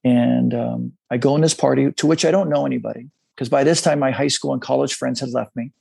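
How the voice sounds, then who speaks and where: Gravelly middle-aged man, candid storyteller. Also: medium pitch, fairly even intonation, mellow, dry recording. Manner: confessional, halting, acts out quoted voices. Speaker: guest. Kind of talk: candid personal storytelling in a conversation.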